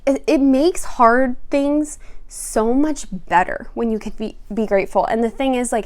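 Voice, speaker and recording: A woman's voice: on the high side, a little mellow. A young woman vlogger and new mother talking casually to camera, chatty and emotional, laughing often and using lots of fillers.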